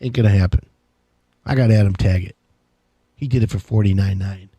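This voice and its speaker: A man hosting a live home-improvement show, talking in a rambling, jokey, excitable way. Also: lowish voice, brisk, slightly rough, no room sound. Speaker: radio show host. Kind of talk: casual live call-in show chat.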